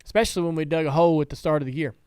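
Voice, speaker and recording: A man's voice: a little high, fairly even intonation, very fast, darkish tone, clean tone, no echo. A man hosting a casual studio talk show, telling rambling stories with many restarts. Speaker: podcast host and team owner. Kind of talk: casual chat.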